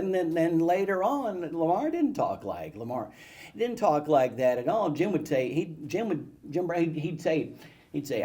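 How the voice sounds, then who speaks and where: A man telling childhood stories to an audience, animated and self-mocking. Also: a little high, normal speed. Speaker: guest speaker. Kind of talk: storytelling talk to an audience. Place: event hall with live audience.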